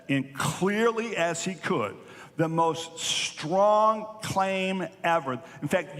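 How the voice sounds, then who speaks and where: A male pastor delivers a sermon in a church sanctuary, with his slightly high voice carrying a long echo around him. He speaks earnestly, repeating key phrases for emphasis and lifting his voice when quoting others. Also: fairly bright tone. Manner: earnest preaching, repeats phrases for emphasis, rises on quoted lines. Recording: echoey church hall.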